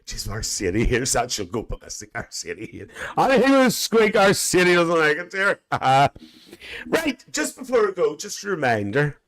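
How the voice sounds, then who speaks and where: A cheeky older aunty, put on by a man, gossips to her live-stream viewers in camp, rambling chatter. She keeps cackling and breaks into shrill, high exclamations. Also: huge pitch swings, normal speed, a bit bright. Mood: chatty gossip. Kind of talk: live-stream chat in character.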